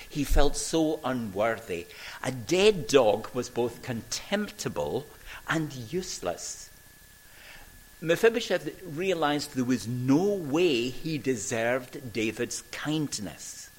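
An older man from Scotland, preaching a sermon and telling stories with emphatic pauses and voices for the people he quotes. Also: mid-range voice, very animated, rough recording.

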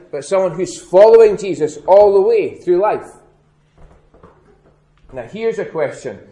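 A man as a pastor giving a children's address in church, speaking gently and slowly repeating key words for emphasis. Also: high voice. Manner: gentle, questioning children, slow emphatic repetition. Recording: echoey church room.

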